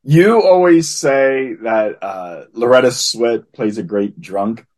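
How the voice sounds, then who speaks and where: A man's voice: mid-range voice, takes it slowly, a little mellow. A man co-hosting a casual podcast, agreeably chiming in with short remarks. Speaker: podcast co-host.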